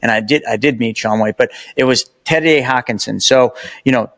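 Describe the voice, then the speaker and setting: A man appearing as a podcast guest, telling animated stories and making emphatic points in casual conversation. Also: medium pitch, brisk. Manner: animated storyteller, emphatic and preachy.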